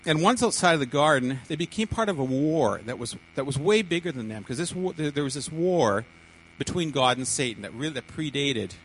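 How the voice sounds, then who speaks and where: A man's voice: on the high side, animated, poor audio. Guy giving a sermon in church, keeps tripping over his words, faint hum behind. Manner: halting, repeats words and restarts often. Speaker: preacher.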